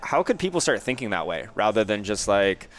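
Low-voiced man asking rambling questions. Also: big pitch swings, a little fast. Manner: asks long, winding questions with many fillers. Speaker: podcast host. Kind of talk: casual interview.

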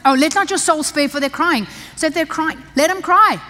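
Older female preacher, higher voice, emphatic and chatty, long hall reverb. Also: a little fast, sharp tone. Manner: emphatic, conversational preaching with asides. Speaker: pastor's wife preaching to women. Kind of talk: sermon. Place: church.

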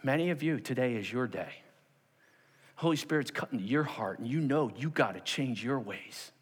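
A man's voice: mid-range voice, moderate pace, slightly rough. A man preaching a sermon in a church, telling a personal story and acting out the voices of the people in it, often checking in with "okay?". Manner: animated, acts out quoted voices, repeats "okay?". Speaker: pastor. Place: church sanctuary. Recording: long hall reverb.

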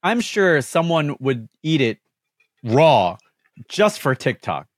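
Quick-quipping man, lively voice. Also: fairly high pitch, no echo. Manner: quick reactive quips. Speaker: podcast co-host. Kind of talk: casual chat.

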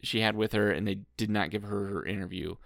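A man's voice: fairly low pitch, steady tone, a little fast, creaky, fairly bright tone, no room sound, clean studio sound. A man co-hosting a casual recap podcast, sarcastic and swearing freely as he sums up the episode. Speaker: podcast co-host.

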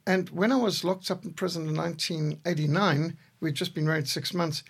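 A man in his sixties, co-host of a podcast, telling measured stories with a dry humor. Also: on the high side, steady tone, vocal fry, slightly rough. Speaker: podcast co-host, missionary leader. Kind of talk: reflective conversation.

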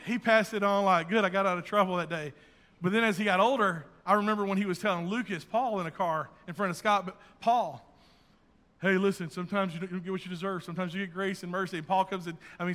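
A middle-aged male pastor preaches with a high, bright, ringing voice. He tells family stories earnestly, then climbs into fervent urging. The sound carries a long hall reverb, as from a church sanctuary. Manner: earnest storytelling, rising to fervent exhortation. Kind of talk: sermon.

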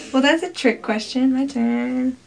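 Woman, casual chat, playful, laughs often, slightly high pitch. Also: vocal fry. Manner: playful, laughs often, tries out foreign words. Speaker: trivia quiz partner.

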